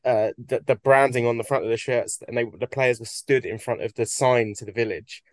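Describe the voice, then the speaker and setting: A man's voice: medium pitch, steady tone, brisk, no room sound. A British man co-hosting a podcast, easygoing and chatty. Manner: easygoing, laughs often. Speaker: podcast co-host. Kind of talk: casual chat.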